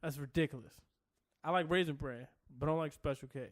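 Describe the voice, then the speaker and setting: A man's voice: a little high, brisk, no room sound. A man co-hosting a podcast, teasing his co-host and laughing often in slangy, casual chat.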